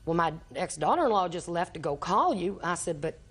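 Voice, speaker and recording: With a fairly low, breathy voice, big pitch swings and a slightly fast delivery, an older grandmother testifies as a TV courtroom litigant. She tells her story at length, acting out each quoted line.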